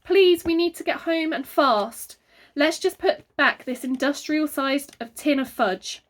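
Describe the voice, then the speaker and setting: A woman's voice: high voice, measured pace, voice pushed up. A woman doing a flustered meek father. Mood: pleading. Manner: polite, flustered pleading. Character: meek fussy little father, man.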